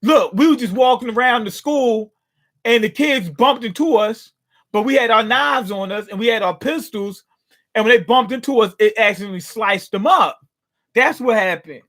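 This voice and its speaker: A man's voice: very high-pitched, normal speed, fairly bright tone. A man voicing a terrified male orc boss who begs for mercy and makes excuses. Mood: pleading. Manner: pleading, making excuses.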